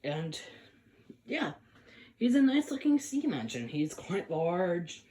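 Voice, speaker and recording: A man's voice: high voice, very animated, slow pace, mellow, breathy edge. A man casually reviewing a toy train set, chatty and rambling with frequent restarts.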